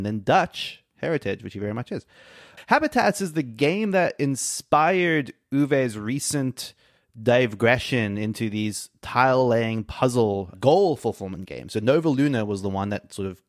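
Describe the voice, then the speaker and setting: A man co-hosting a board game podcast, explaining a game's rules in a relaxed, chatty way. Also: medium pitch, no room sound, clean studio sound. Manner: explanatory, quick-talking, laughs easily. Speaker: podcast co-host. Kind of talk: casual podcast chat.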